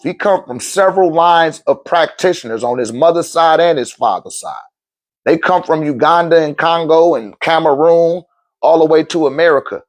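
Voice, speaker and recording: A man telling a personal story at a live talk in a loose, profane way, acting out the other people's voices as he goes. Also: on the high side.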